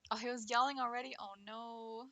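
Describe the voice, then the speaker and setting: A woman's voice: on the high side, flat delivery, brisk, sharp tone, dry recording. A woman chatting casually with her stream chat while drawing. She laughs often and talks with lots of fillers. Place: home setup at a computer.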